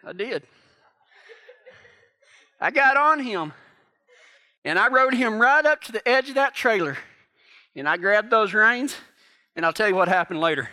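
High, bright-voiced storytelling preacher. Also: male voice, expressive, unhurried, pauses often. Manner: folksy storytelling, jokes with the congregation. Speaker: pastor. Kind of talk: sermon.

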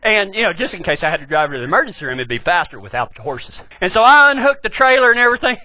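A middle-aged pastor with a West Texas accent tells a funny story in an animated, folksy way. His voice is high and bright, and it swings widely in pitch. The sound is dry and close. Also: racing. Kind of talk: humorous storytelling sermon.

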